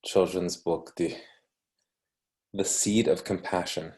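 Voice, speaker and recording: A man from Canada with a Canadian English accent, reading a book aloud slowly for English learners, with ums and self-corrections. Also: low-pitched, fairly even intonation, darkish tone. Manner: slow, unhurried, with frequent ums and self-corrections. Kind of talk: casual read-aloud lesson for English learners.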